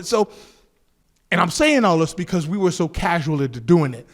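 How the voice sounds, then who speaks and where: A man from Southern California telling a street story in an animated, profane, laughing way. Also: on the high side, normal speed, vocal fry. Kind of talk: casual story told to camera.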